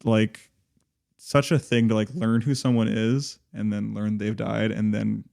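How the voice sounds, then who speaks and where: A man's voice: lowish voice, flat delivery, unhurried, creaky, a little mellow. A man co-hosting a podcast, talking casually and rambling, with many fillers and restarts. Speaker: podcast co-host.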